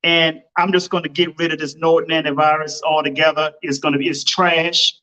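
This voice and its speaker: A man's voice: a little high, little pitch movement, brisk, sharp tone, low-quality recording. A man hosting his own podcast, talking casually and emphatically, with lots of exclamations. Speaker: podcast host. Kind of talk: casual motivational podcast talk. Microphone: home computer setup microphone.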